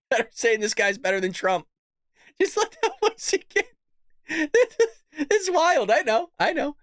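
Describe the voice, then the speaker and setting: A man's voice: high-pitched, fairly bright tone, dry recording, clean studio sound. A man hosting his own show, delivering an exasperated, sarcastic political commentary rant. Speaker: show host.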